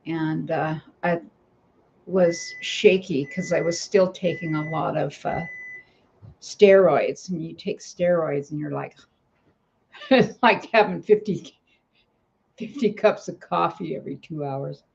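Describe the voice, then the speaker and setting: Slow, gravelly-voiced woman vlogger. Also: low-pitched, a little mellow, a little hiss or hum. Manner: rambling, breaks off to talk to her cats. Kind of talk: casual storytelling to camera. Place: home. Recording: dull lo-fi home recording.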